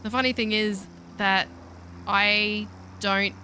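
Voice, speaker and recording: Bright-voiced Australian woman streaming a game. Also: medium pitch, fairly even intonation, takes it slowly, slight background noise. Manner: chatty, playful, talks to her chat as she plays. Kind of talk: casual live-stream chat while gaming.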